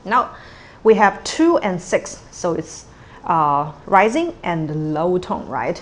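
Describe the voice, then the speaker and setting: A woman teaching tones in a patient, unhurried way, modelling each word twice. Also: fairly low pitch, very animated. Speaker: Cantonese teacher. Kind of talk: tone pronunciation lesson.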